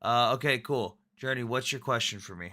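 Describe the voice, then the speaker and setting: A man's voice: medium pitch, a little fast, noisy background. A man hosting a casual online debate, talking bluntly and sarcastically with frequent swearing. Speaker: debate host.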